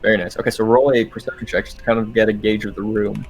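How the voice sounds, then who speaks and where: A man's voice: lowish voice, flat delivery, fast, faint music behind. A man narrating as game master, describing the scene with lots of hesitant ums.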